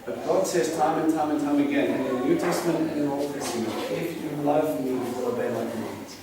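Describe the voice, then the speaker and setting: A man giving an earnest, animated bible teaching to a congregation and asking them questions. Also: fairly high pitch, fast, over a noisy crowd. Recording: echoey room from a distant mic, noisy.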